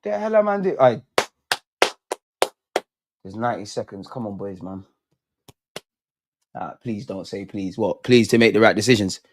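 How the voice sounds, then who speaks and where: A man's voice: fairly low pitch, lively intonation, moderate pace, long pauses, over music. A young man doing a live football watch-along, swearing, pleading with the players and throwing in lots of slang. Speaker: football fan streamer.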